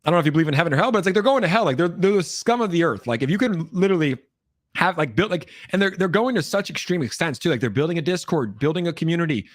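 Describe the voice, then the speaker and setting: A man hosting a casual live stream chat, talking quickly with lots of filler words and animated asides. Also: on the high side, no room sound. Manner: fast, animated, frequent "like" fillers. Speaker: livestream host. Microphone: streaming mic with voice effects board.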